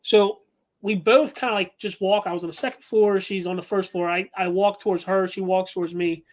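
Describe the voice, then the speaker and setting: A man's voice: sits high, steady tone, a little fast. A man telling a story as a guest paranormal investigator, talking casually with many fillers and restarts.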